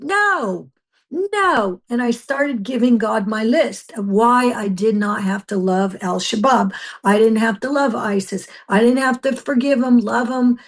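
A woman's voice: fairly high pitch, a little mellow. An older woman giving an intense, fervent personal testimony on a radio interview, with frequent restarts. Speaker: missionary guest.

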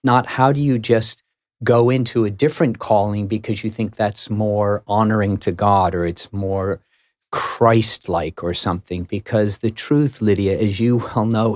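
A middle-aged man with an American accent tells a story with wry, self-mocking humour. His voice sits low, and the studio sound is dry and close. He talks chattily, as a guest at ease. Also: a little mellow, no room sound. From United States. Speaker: radio guest. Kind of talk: casual chat.

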